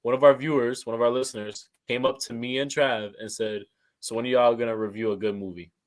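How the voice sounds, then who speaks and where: A man co-hosting a casual podcast chat, animated and acting out quotes as he tells a story. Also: medium pitch, fairly quick, poor audio. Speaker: podcast co-host.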